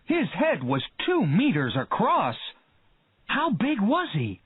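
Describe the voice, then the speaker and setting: Excitable shark enthusiast, high and loud, read by a man, tinny line. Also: slow pace, husky, dry recording, heavily acted. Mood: excited. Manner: eager, shouting. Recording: tinny phone-like dry sound.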